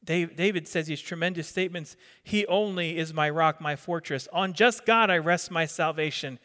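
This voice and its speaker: Middle-aged male pastor from New Jersey, high chatty sermon voice, reverberant hall. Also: normal speed, bright, forceful tone. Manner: conversational, quizzes the congregation, repeats words.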